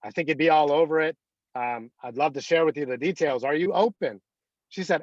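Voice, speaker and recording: A man's voice: on the high side, fairly quick, no echo, lo-fi sound. Rambling man leading a team call. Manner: rambling, anecdotal, many fillers. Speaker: team leader. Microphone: video call.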